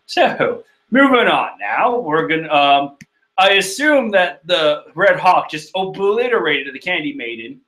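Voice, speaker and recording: A man reading through a manga chapter in casual, rambling commentary, excitable and profane, laughing and trailing off as he goes. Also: fairly high pitch, a little slow. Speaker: manga chapter reader and reactor.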